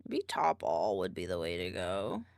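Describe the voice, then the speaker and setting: Chatty woman streamer with a lively voice. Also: rumbling low, moderate pace, gravelly, smooth, dry recording, clean studio sound. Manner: chatty, mumbling to herself while working. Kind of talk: casual chat while video editing.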